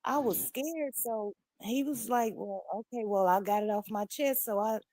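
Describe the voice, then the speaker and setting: A middle-aged woman talks bluntly, acting out each quoted voice with animated storytelling. She speaks over remote call audio that at times comes through low. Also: moderate pace, no echo. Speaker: livestream caller. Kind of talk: candid personal story on a livestream. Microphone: remote call audio, sometimes low volume.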